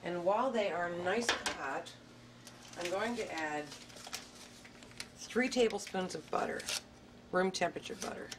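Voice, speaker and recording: Low-voiced woman hosting a cooking show. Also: a little slow, pauses often, background noise. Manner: deadpan, tongue-in-cheek. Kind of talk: mock-dramatic romance narration and cooking demonstration. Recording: distant mic with music behind.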